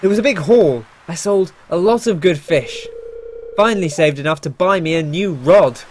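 A man voicing a gruff old male fisherman in a put-on pirate accent, reading game dialogue. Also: on the high side, lively intonation, normal speed, a little hiss or hum, close to an everyday voice. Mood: folksy.

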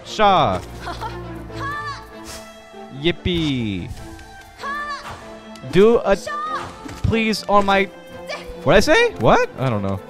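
A young man rambling and yelling crude jokes while streaming a game. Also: high voice, huge pitch swings, very slow, long pauses, music in the background. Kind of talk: gameplay commentary.

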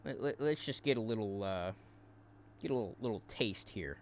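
A man hosting a commentary show, taunting and crude, tripping into quick repeated words as he mocks. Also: lowish voice, lively intonation, a little hiss or hum. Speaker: commentary host. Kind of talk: mocking commentary.

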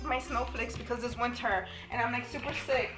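A sick, out-of-breath woman chatting excitedly in a beauty vlog, coughing and sighing. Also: on the high side, fairly quick. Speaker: beauty vlogger. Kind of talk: casual vlog chat. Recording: echoey room with background music.

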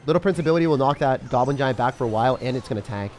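A young man giving live commentary as he plays a mobile game, thinking aloud and breaking into sudden excited yelps. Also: medium pitch, rapid-fire, faint music behind. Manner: excitable, talks to himself while playing, sudden yelps. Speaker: game streamer.

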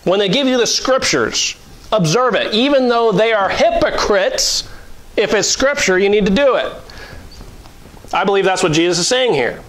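A man's voice: high voice, expressive, moderate pace, a bit bright, low-quality recording. A middle-aged male pastor preaching a sermon in a conversational way, with mock-voiced asides and chuckles.

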